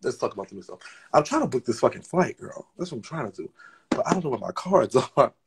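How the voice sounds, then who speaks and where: A man hosting a casual gossip livestream, talking in a sassy, chatty, profane way with a raspy voice. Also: medium pitch, very animated, fast talker, background noise. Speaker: livestream host.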